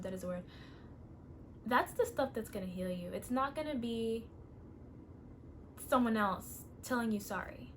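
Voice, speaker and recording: A woman's voice: a little high, a bit bright, slight background noise. A woman vlogger giving earnest, encouraging advice in a casual talk to camera.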